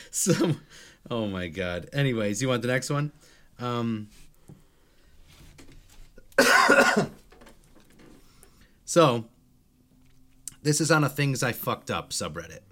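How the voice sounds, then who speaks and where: Male podcast co-host, animated delivery, reads posts aloud and riffs crudely. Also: mid-range voice, drawn-out words, pauses often. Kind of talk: casual chat.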